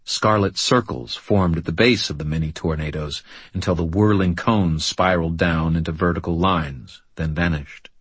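A man narrating a first-person audiobook in a steady, understated way. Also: deep voice, normal speed, slightly rough, dry recording.

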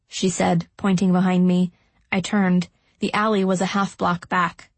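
A woman narrating a first-person audiobook in a steady, even storytelling voice. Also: lowish voice, measured pace, dry recording.

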